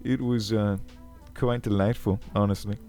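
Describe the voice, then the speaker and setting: Pompous, rambling ancient goblin king, played by a man, low and crackly, faint music underneath. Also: steady tone, moderate pace, warm tone, lightly acted. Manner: pompous, rambling, self-assured. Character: self-important ancient male goblin king. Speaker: video host. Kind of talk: character comedy Q&A.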